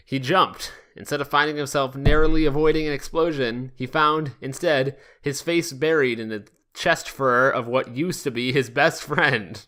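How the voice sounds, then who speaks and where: Bright-voiced man reading fan fiction. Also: medium pitch, a little slow. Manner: wry, breaks into laughter. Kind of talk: comic dramatic reading.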